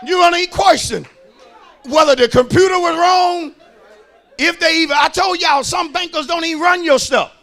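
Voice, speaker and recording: A man, a pastor preaching a sermon in a church, shouting in a rhythmic, sing-song way and calling out to the congregation. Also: very high voice, normal speed, a faint crowd.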